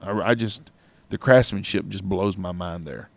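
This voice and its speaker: Low gravelly-voiced man telling stories. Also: normal speed, no echo. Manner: rambling storyteller, swears freely. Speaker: podcast co-host. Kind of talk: casual chat.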